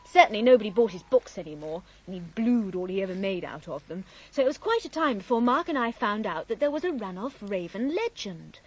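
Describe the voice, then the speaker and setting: A woman's voice: medium pitch, big pitch swings, a little fast, few pauses, poor audio. An actress playing a playful, teasing young woman from an old family in a radio drama, telling a yarn. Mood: storytelling. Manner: teasing, lilting, storytelling. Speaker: Miss Raven.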